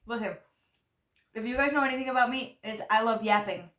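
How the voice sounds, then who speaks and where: A young woman with a fairly high voice chats away through mouthfuls of food, rambling loosely and leaning on filler words. The sound is roomy and echoey. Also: fairly quick, fairly bright tone. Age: young adult. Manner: chatty, talks while chewing food. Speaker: vlogger. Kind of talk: casual storytelling chat.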